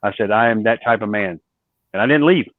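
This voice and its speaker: A man's voice: lowish voice, brisk, dry recording. A man, a former wrestler telling stories in an interview and acting out the dialogue he quotes. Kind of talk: storytelling interview. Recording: dry, phone-like narrow sound.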